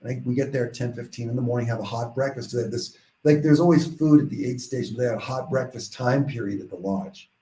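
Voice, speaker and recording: Male podcast guest, mellow tone, animated rambling storyteller, echoey room. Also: medium pitch, quick pace, hardly any pauses, a little hiss or hum. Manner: animated, rambling storytelling with many restarts and quoted dialogue. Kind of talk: casual storytelling in a podcast interview.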